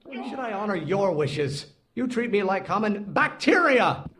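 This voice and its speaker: Emmett, indignant teen scientist. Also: male voice, high-pitched, sing-song, moderate pace, noisy background. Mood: defiant. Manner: sarcastic, pun-laden, defiant. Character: indignant teenage boy scientist defying his father. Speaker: game character. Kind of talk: video game voice acting.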